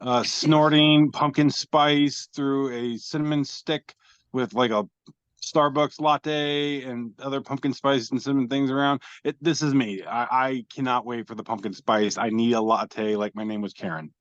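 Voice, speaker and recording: A man's voice: medium pitch, fairly even intonation, normal speed, clear, resonant tone, no echo, muffled recording. A man hosting a podcast over a video call, describing memes aloud in a rambling, self-deprecating way with casual swearing. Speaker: podcast host reading memes.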